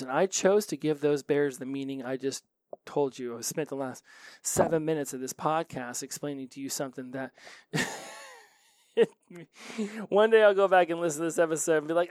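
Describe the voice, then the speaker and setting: A man hosting a solo self-help podcast, telling stories in a chatty, animated way. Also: mid-range voice, normal speed, clean tone, dry recording. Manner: chatty, animated storytelling with laughs. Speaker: podcast host.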